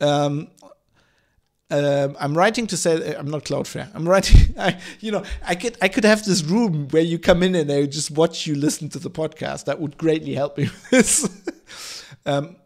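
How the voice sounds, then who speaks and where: A male podcast host, hoarse from hay fever, chatting casually on his own, rambling with lots of fillers, restarts and swearing. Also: on the high side, normal speed. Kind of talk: casual solo podcast chat.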